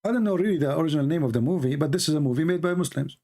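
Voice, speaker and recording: Mocking higher-voiced man, Arabic native. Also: racing, dark tone. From Middle East. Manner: mocking, sarcastic. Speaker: religious commentator. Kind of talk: casual commentary over a video.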